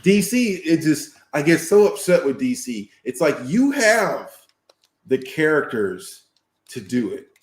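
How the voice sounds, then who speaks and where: A man co-hosting a podcast in casual chat, giving opinionated, animated rants. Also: fairly high pitch, unhurried, roomy sound. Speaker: podcast co-host.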